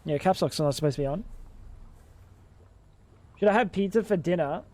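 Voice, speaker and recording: This man's voice is high-pitched and a little mellow, moving at a normal speed. He's livestreaming a game, rambling and thinking out loud in casual chat laced with lots of profanity.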